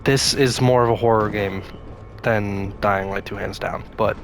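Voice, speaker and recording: A man's voice: lowish voice, steady tone, measured pace, gravelly, music in the background. A man casually commenting on his own gameplay, rambling and talking to himself, with sudden scared outbursts. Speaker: gaming YouTuber. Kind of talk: casual let's-play commentary.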